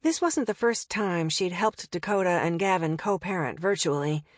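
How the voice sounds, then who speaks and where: A woman's voice: lowish voice, expressive, normal speed, no echo, clean studio sound. Wry woman narrating an audiobook. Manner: wry and conversational.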